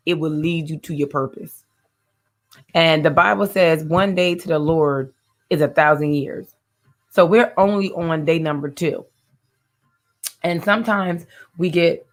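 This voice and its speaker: A woman's voice: on the low side, a bit bright. A woman hosting a faith-based talk show, talking earnestly and directly to her viewers and often repeating her phrases.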